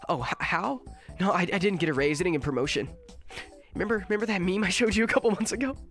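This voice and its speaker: A man's voice: high-pitched, expressive, fast talker, a bit bright, faint music behind. A sick man with a nasal voice, voicing a gullible husband pleading with his wife.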